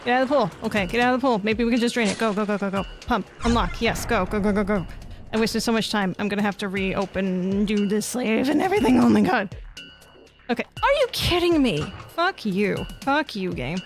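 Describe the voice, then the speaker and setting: Over background music, a woman with a mid-range voice talks fast while livestreaming a horror game. She reads the game's text out loud, mutters to herself, panics, and swears at it.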